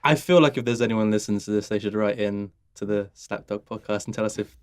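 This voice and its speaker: A man's voice: on the low side, fast talker, clear, resonant tone. Wry young man teasing friends. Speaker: podcast co-host. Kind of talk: casual comedy chat.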